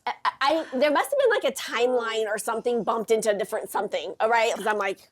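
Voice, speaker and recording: A woman hosting a casual chat, telling stories with lots of playful acted-out quotes. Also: fast talker. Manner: animated storyteller, acts out quotes in high voices. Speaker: podcast host.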